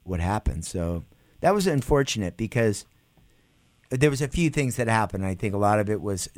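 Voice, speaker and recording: Middle-aged man, musician guest, lively swinging delivery, dry close sound. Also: lowish voice, moderate pace, no room sound. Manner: animated, acts out quotes with laughs. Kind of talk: casual interview storytelling.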